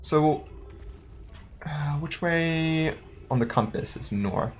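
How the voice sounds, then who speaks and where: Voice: mid-range voice, expressive, a little hiss or hum. A young adult playing a game and chatting casually, thinking aloud, questioning themselves and laughing now and then. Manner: playful, quick to laugh. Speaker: let's-play gamer. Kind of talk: casual gameplay commentary.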